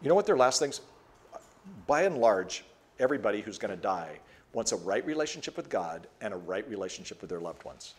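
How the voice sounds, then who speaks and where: A man's voice: fairly low pitch, very animated, brisk. A man in his sixties giving a conversational devotional talk, telling a story and acting out the voices of the people in it. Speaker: speaker teaching a lecture. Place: room with an audience.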